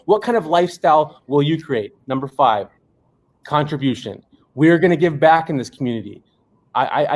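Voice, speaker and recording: A young man on a video call delivering a hyped, preachy motivational pep talk full of slogans. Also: a little high. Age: young adult. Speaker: co-founder giving a motivational talk.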